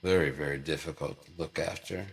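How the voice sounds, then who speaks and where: A man's voice: extremely low pitch, steady tone, fairly quick, vocal fry. A man vlogging in a rambling, profane, joking monologue.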